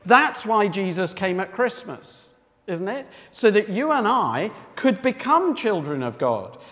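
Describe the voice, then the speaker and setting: A man's voice: sits high, sing-song, a little slow, a bit bright. A man preaching a sermon with emphasis, often asking his listeners rhetorical questions. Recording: long reverb of a hall.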